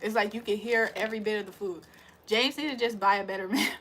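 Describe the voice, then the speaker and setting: A woman's voice: mid-range voice, fairly even intonation, quick pace, fairly bright tone. A woman livestreamer in casual chat, teasing and laughing as she answers viewer comments. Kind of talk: casual live-stream chat.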